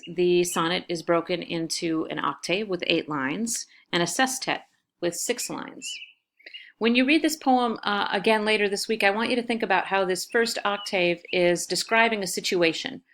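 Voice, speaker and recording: A woman's voice: fairly low pitch, a bit bright. A woman teacher giving a recorded lecture over slides, explaining patiently with frequent fillers.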